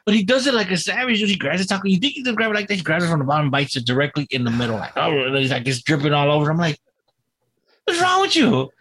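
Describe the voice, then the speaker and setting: A man's voice: on the high side, very fast, hardly any pauses, a bit bright, husky, no room sound. A man cohosting a casual podcast, trading jokes and laughing often. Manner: laughs often, joking banter. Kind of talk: casual chat.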